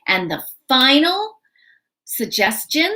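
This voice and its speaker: Slow, animated woman teaching English. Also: high voice. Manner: slow, clear teaching with acted example phrases. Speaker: ESL instructor. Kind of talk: live online English lesson.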